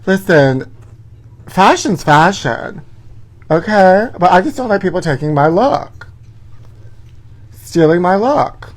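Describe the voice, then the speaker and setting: A man's voice: fairly high pitch, unhurried. A man hosting a live gossip show from his parents' house, talking in a sassy, campy way and calling everyone honey.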